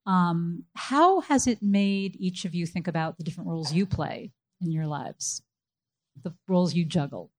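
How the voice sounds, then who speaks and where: A woman moderating a panel discussion, asking questions in a measured, polite way. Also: lowish voice, a little mellow.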